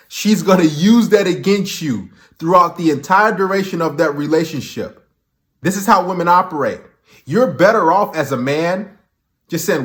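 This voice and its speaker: Blunt, lecturing male dating coach. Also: on the high side. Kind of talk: dating advice commentary.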